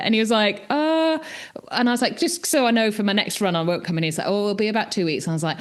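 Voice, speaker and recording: A woman co-hosting a podcast, telling a story in a casual, animated way, acting out what people said and laughing often. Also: fast talker. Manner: animated, acts out quotes with big pitch jumps; laughs often, many restarts. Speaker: podcast co-host.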